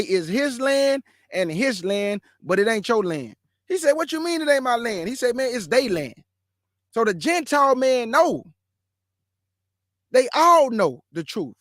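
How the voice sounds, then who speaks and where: A man's voice: sits high, a bit bright, no room sound, clean studio sound. A man hosting a livestream, speaking in a brash, mocking way and repeating lines for emphasis. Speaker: host of a livestream show. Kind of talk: livestream commentary and preaching.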